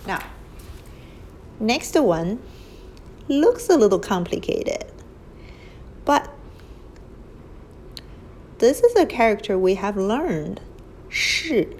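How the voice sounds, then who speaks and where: A woman's voice: medium pitch, very animated, takes it slowly, pauses often, a little mellow, a little hiss or hum, low-quality recording. A woman teaching characters over a whiteboard recording, explaining patiently step by step and modelling tones aloud. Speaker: Chinese language teacher. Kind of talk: slow whiteboard lesson narration. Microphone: phone screen recording.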